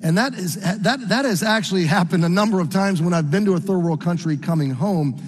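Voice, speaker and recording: A middle-aged man from the United States preaching a sermon as a story, earnest and halting with frequent restarts. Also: high-pitched, breathy edge, big-room sound. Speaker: pastor.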